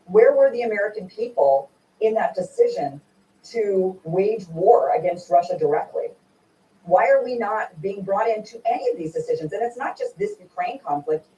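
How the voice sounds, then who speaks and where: A woman's voice: medium pitch, moderate pace, recorded from a distance. Indignant woman host in an echoey room. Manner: animated, indignant, rhetorical questions. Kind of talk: political interview.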